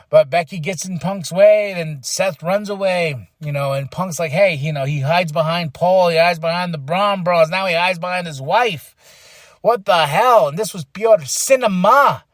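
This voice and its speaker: A fairly high-voiced man hosts a podcast recap, talking fast and animated and acting out what people said. He now and then breaks into excited shouts. The sound is close and dry. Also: no room sound. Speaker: podcast host reviewing wrestling.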